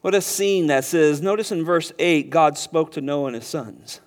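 A man preaching an expository sermon, emphatic and slowing down to stress key words. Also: fairly high pitch. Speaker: pastor. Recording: long hall reverb.

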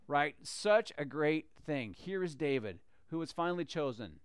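A man's voice: a little high, expressive, normal speed, hardly any pauses, smooth, dry recording. A man teaching a Bible story in a casual, conversational way, acting out the characters as he goes. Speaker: church teacher.

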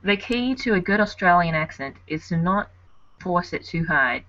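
Slightly tipsy and teasing, this American podcast co-host jokes her way through a casual chat on a remote call. Her voice is on the low side and fairly bright, with lively intonation and normal speed. The audio has no echo but sounds dull and lo-fi through the call mic.

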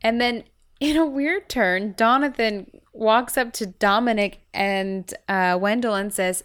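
A woman's voice: on the high side, a little slow, a bit bright, clean tone. A woman co-hosting a podcast, chatting casually and retelling what happened in an episode. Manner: chatty, storytelling recap. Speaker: podcast co-host. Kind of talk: casual recap chat.

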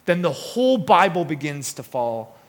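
Brief: insistent Texan churchgoer, a preacher doing the accent, emphatic, higher-pitched delivery. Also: male voice, big pitch swings, normal speed, big-room sound. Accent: Texan, attempted.

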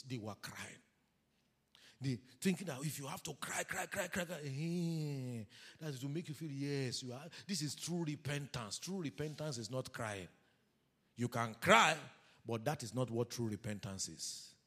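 A man preaching a sermon as pastor, animated, calling the congregation to read scripture aloud with him. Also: mid-range voice, husky.

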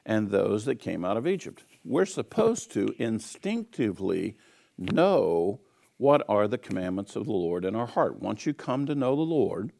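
A man's voice: on the low side, big pitch swings, measured pace, creaky, warm tone. A man giving an earnest teaching sermon on scripture, emphatic and repeating key phrases. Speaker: Bible teacher.

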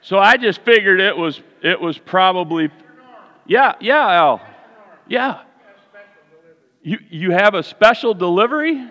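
A man's voice: high-pitched, unhurried, pauses often. A man preaching a sermon to his congregation, telling a playful story and asking the crowd questions. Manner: playful, animated, talks to the congregation. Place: church sanctuary. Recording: distant hall echo, dull sound.

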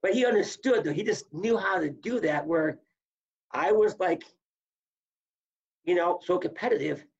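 A man's voice: high voice, a little slow, pauses often, husky, dull audio. A man, a former wrestler, telling stories in casual talk and acting out what people said. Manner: animated storyteller acting out quotes. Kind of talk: casual storytelling.

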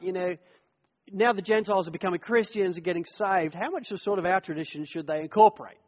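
A middle-aged pastor with a high-pitched voice preaches a sermon, slipping easily into lively personal stories. His voice rings out through a long hall echo. The recording sounds dull and lo-fi. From United Kingdom. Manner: conversational, animated storyteller.

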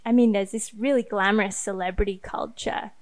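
A woman hosts a podcast in a loose, conversational way and packs her sentences with "like". Her voice sits at a middle pitch and sounds dry and close, with no room echo. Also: fairly quick. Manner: filler-heavy, says "like" constantly, animated. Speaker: podcast host. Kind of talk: casual interview chat.

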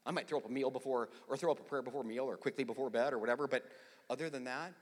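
A middle-aged male pastor preaching a sermon in a conversational, storytelling way that swells into forceful emphasis. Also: medium pitch, very fast. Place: large church. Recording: long hall reverb.

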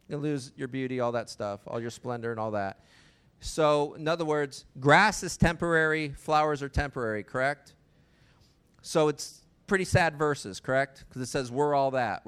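A man's voice: fairly high pitch, fairly bright tone, clean tone. A man preaching a sermon in a conversational way, often asking the listeners rhetorical questions.

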